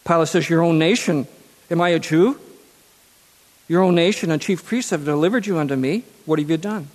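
A man's voice: on the high side, brisk, a little mellow, long reverb tail. A man preaching a sermon who reads scripture aloud and then repeats key phrases for emphasis.

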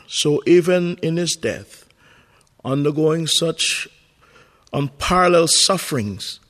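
A man giving a devotional sermon in a solemn, deliberate way. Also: mid-range voice, a bit bright. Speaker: preacher. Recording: long hall reverb.

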